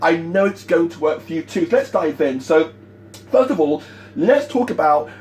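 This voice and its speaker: A man giving a motivational sales training talk, emphatic and energetic, repeating his key points. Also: a little high, moderate pace, slight background noise.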